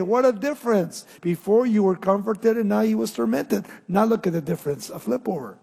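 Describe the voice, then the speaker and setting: A male pastor preaching a sermon, asking the crowd questions and answering them with emphatic, drawn-out pauses. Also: high voice, gravelly, a little mellow, breathy edge, long reverb tail.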